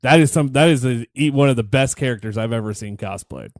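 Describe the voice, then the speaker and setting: A man of middle pitch co-hosts a laid-back movie commentary with a wry, joking edge. His voice sits close and dry with little room sound. He speaks offhandedly, as if half-watching the screen. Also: fast talker, darkish tone, dry recording. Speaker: podcast co-host.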